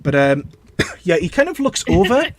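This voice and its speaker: A man running a tabletop game as its game master. He narrates in an animated, up-and-down voice that sits a little high. He pauses and laughs often as he improvises. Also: no room sound. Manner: lively, laughing, halting narration.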